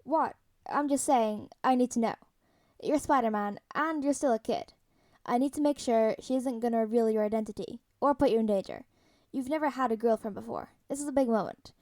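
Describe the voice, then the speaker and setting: A woman's voice: fairly high pitch, brisk, a little mellow, natural voice. Tony, a woman reading as a brash fatherly man. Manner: teasing, rambling, protective.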